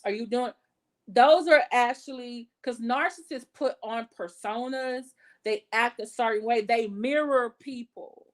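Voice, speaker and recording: A woman with a somewhat high voice hosts a casual gossip commentary. She talks bluntly and curses freely. She rambles with fillers and restarts as she works through her points. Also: a little slow. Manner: blunt and profane, talks with her hands in her words; chatty, with many fillers and self-corrections. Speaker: commentary channel host.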